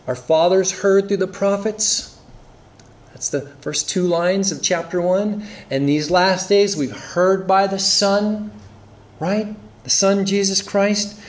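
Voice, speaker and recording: A man preaching an earnest expository sermon, reading scripture aloud and explaining it. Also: high-pitched. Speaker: pastor.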